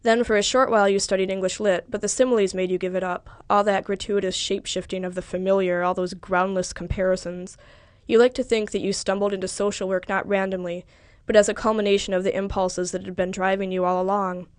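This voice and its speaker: A woman narrating literary fiction in the second person, measured and wry. Her voice is smooth and resonant, set in a dry, close recording with no room echo. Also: mid-range voice, level tone. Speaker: audiobook narrator.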